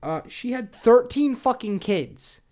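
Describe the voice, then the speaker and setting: A woman's voice: fairly high pitch, lively intonation, slow pace, mellow. A young woman co-hosting a casual true-crime podcast, swearing freely, rambling and laughing often. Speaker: podcast co-host.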